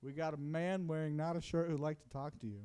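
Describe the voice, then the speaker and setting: A man co-hosting a live basketball watch party at a small comedy theater, mixing play-by-play with deadpan jokes. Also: fairly high pitch, fairly quick, clear, resonant tone. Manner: jokey, deadpan asides, bursts of play-by-play. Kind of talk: casual live game commentary and banter.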